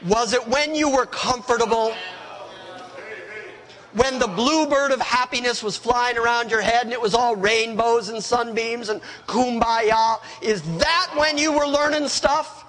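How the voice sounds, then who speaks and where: A male preacher delivering a sermon, emphatic and speaking directly to his listeners. His high voice moves slowly with wide, lively swings. A long hall reverb follows each phrase. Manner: emphatic, conversational, addresses the congregation directly.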